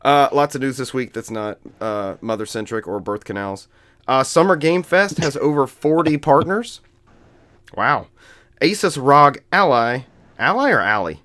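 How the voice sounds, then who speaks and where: A man's voice: medium pitch, unhurried, a bit bright, no room sound. A man hosting a casual video game podcast, rambling and joking with frequent laughs. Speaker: podcast host.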